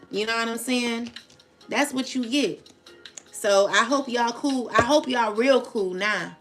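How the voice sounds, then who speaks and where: A woman's voice: a little high, a little slow, a bit bright, soft background music. A woman reading tarot for viewers in a casual spoken vlog, talking in a rambling, blunt and profane way. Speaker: tarot reader addressing viewers.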